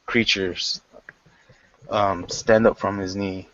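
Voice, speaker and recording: A man narrating a tabletop role-playing game as game master, halting often with fillers and restarts, on a dull lo-fi recording. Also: fairly low pitch, level tone, no echo.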